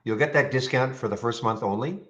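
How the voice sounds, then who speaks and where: A man's voice: mid-range voice, fairly quick, fairly bright tone. Chatty man hosting a live trading stream. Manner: chatty, thinks aloud, restarts sentences. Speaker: live trading room host. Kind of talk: casual live-stream commentary. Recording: slightly dull lo-fi sound.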